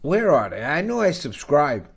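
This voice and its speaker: A man's voice: a little high, sing-song, normal speed, creaky, breathy edge. A middle-aged man hosting a finance channel, talking in a brash, jokey, rambling podcast style that jumps between topics.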